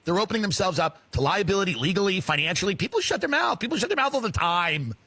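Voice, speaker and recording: A man ranting loudly in a comedic style, swearing and acting out mock voices. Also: high-pitched, big pitch swings, quick pace, breathy edge. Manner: loud swearing rant, acts out rich people in mock voices. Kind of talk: comedic rant.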